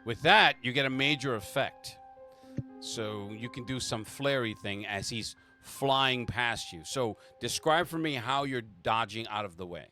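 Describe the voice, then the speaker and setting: A man's voice: medium pitch, unhurried, bright, forceful tone, faint music behind. A man running a tabletop game as game master, narrating the action with frequent restarts.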